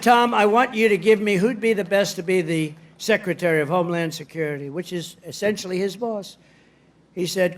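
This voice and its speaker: Guy rambling thru a rally speech, kinda high voice for a man, bragging as he goes. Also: a bit bright. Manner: rambling, boastful, digressive storytelling. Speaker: politician addressing a rally.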